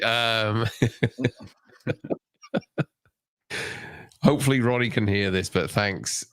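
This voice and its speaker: A man's voice: medium pitch, expressive, extremely slow, pauses often, a bit bright, no echo, clean studio sound. A man talking casually on a home computer mic while hosting a movie watch party, chatty and laughing often. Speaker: podcast host.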